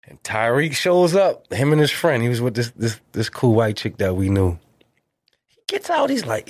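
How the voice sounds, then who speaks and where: A middle-aged man tells a story in a loose, slangy way, his pitch swinging widely as he acts out what people said. The sound is dry and close, with no room around it. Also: moderate pace, no echo. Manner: animated, acts out quotes with big pitch jumps; profane, slangy. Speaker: guest. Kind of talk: casual storytelling.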